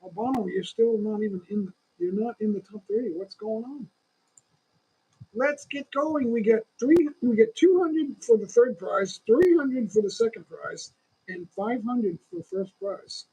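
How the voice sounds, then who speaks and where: A man's voice: high-pitched, a little slow, warm tone, breathy edge, rough recording. A man in his sixties with a lingering cough, hosting a casual livestream and chatting in a rambling, opinionated way straight to his viewers. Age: 60s. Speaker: livestream host.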